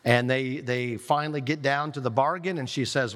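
A man preaching a sermon, retelling a scripture story in a lively way with quoted lines. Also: mid-range voice, moderate pace. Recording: long reverb of a large hall.

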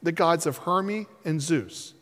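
A man preaching a sermon on a headset mic, swinging between shouts and near-whispers as he acts out the story. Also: a little high, takes it slowly. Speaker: pastor. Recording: reverberant hall.

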